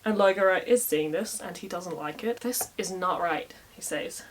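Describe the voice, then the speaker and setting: A woman's voice: lowish voice, normal speed, hardly any pauses, slight background noise. A woman casually retelling a medieval story with wry, irreverent asides in modern slang.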